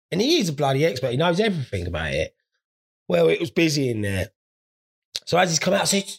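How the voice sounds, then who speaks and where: A man's voice: a little high, animated, fast talker, vocal fry, a bit bright. A stoned man hosting a podcast, telling crude, sweary, rambling stories in a casual monologue. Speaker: podcast host.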